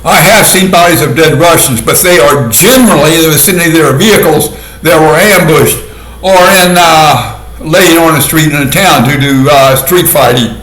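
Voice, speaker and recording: A man giving a casual monologue commentary in a sardonic way, laughing often at his own dark jokes. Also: on the high side, normal speed. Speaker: video commentator. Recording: echoey room.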